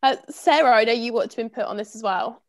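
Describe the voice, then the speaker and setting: A woman moderating a panel discussion, warmly encouraging and affirming each speaker before handing over. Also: on the high side, quick pace.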